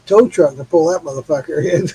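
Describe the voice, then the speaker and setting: A man's voice: a little high, fairly quick, dark tone, breathy edge, low-quality recording. A middle-aged man from Missouri, tipsy, hosting a casual late-night chat with loose swearing and easy laughs. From Missouri, USA. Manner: laid-back, swears freely, laughs often. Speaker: host of a live stream.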